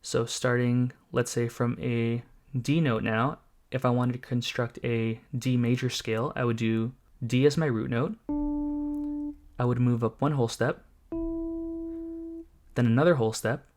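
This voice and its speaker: A man teaching music production basics in a calm, methodical tutorial, explaining each step. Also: medium pitch, a little slow, long pauses. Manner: calm, methodical, walks through each step while playing examples.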